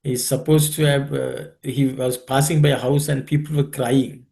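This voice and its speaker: A man leading a scripture study group on a video call, explaining and telling stories in an unhurried, thoughtful way with many pauses. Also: mid-range voice, flat delivery, creaky, mellow.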